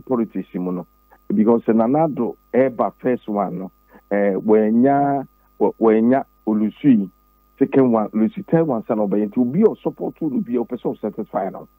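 In a political interview that mixes Twi with English, a Ghanaian pastor and former presidential candidate speaks with a husky voice and a preacher's insistence. His intonation is lively and his pace normal, and he repeats words and leaps sharply up in pitch on key points. The audio is dry, echo-free, and narrow like a phone line.

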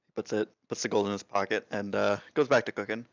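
A man narrating a tabletop game as game master, describing scenes with many pauses and fillers. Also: lowish voice, fairly even intonation, creaky, no echo, highs cut off. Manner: hesitant, filler-heavy description.

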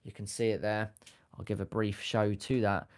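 A man's voice: lowish voice, level tone, moderate pace, darkish tone. A man hosting a casual live stream, reading out chat comments in a goofy, chatty way and laughing at himself. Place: home setup with a sticker backdrop.

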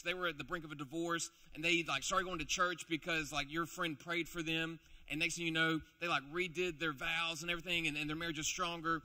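A man's voice: fairly high pitch, sharp tone. A man preaching a youth sermon in a playful storytelling way, acting out the characters' lines in the story he tells. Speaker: youth pastor.

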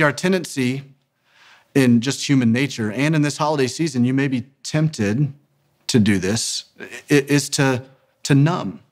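A man in his thirties giving an earnest, emphatic sermon-style talk as a ministry founder, slowing down to stress key words. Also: mid-range voice.

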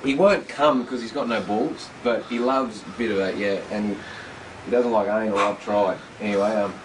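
Crude deadpan Australian bloke. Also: male voice, on the low side, moderate pace, noisy background. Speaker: comedian. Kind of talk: jokey handheld vlog banter.

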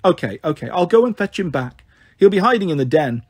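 A man voicing a sharp, bossy girl looking after younger siblings. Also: high-pitched, sing-song, fairly quick, slightly rough, dry recording, studio quality, exaggerated voice. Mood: snappish. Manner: snappish, in charge.

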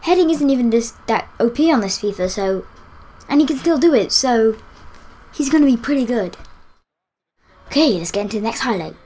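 A woman with a fairly high voice talks through a football video game match as she plays it. She is excitable, cheering on her players and groaning at their misses, in casual live commentary. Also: fairly quick, long pauses, slight background noise. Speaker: gaming YouTuber.

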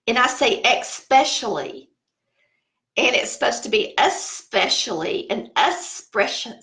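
Speaking forcefully in a bright, high-leaning voice, a middle-aged cooking channel host with a Southern American accent chats casually. She hails from the Southern United States, tells stories, and laughs at herself, with a roomy sound around her.

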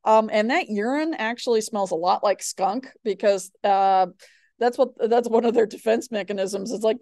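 This recorded biology lecture features a woman with a medium-pitched, darkish voice at normal speed, recorded clean in a studio with no echo. She's chatty and digressive, using many fillers and sharing personal anecdotes.

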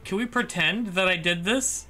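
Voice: mid-range voice, moderate pace, bright, forceful tone, faint music behind. A streamer giving rambling casual commentary while playing a language game. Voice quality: rambling, repetitive, self-bargaining.

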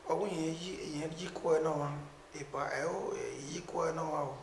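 A man's voice: fairly high pitch, fairly quick, a little hiss or hum. A man with a Nigerian accent, a musician talking animatedly in a casual conversation. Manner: animated, mixing pidgin and Edo. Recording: echoey room.

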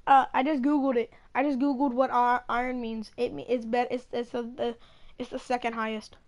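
A woman with a high voice chats casually while playing a wrestling game, teasing her friend nonstop. She repeats her taunts again and again and breaks into loud yelling when the match turns. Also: level tone, fairly quick, low-quality recording. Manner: teasing trash talk, repeats lines, bursts into yelling. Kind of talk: casual gaming commentary.

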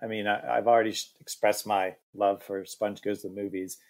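A man's voice: fairly low pitch, flat delivery, fairly quick, darkish tone. A man who is a guest on a podcast, chatting with enthusiasm and rambling with restarts. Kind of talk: casual podcast chat.

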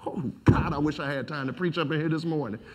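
A male pastor preaching a sermon, building from low talk to shouted lines and laughing as he goes. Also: fairly even intonation, fast talker.

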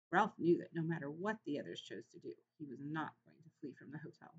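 A woman narrating a children's storybook in an expressive reading voice. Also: low voice, a little fast, breathy edge. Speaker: audiobook reader. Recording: slightly muffled, faint hiss.

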